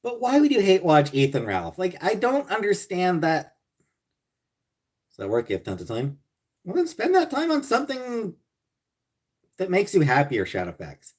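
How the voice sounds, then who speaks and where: A man hosting a casual livestream, reading viewer comments and answering bluntly and profanely, with sarcastic jokes, sometimes muttering low and sometimes ranting loudly. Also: wildly swooping pitch, normal speed, pauses often. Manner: blunt and profane, swinging between mutters and loud rants. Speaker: livestream host.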